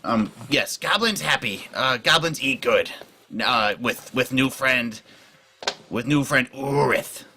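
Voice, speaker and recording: A man voicing a nervous male goblin who talks in halting broken speech. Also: medium pitch, animated, bright, forceful tone, slight background noise, full character voice. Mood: simple.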